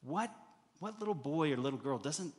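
A man preaching a sermon as pastor, animated and rising to loud, emphatic bursts. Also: on the high side, normal speed. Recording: hall reverb.

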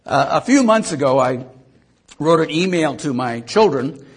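A man's voice: on the high side, animated, a little slow, husky. An older man preaching a sermon to his congregation, folksy and self-mocking, with asides to the listeners. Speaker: pastor.

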